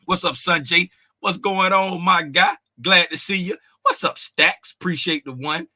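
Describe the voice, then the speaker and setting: A man hosting a casual trading livestream, greeting viewers in the chat by name, talking loud and animated with slangy, conversational phrasing and frequent laughs. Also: high-pitched, unhurried.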